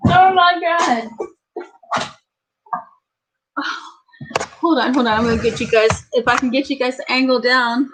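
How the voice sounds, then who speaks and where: A middle-aged woman vlogging an excited unboxing in her home kitchen, gushing and exclaiming often. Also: a little high, a little fast, background noise.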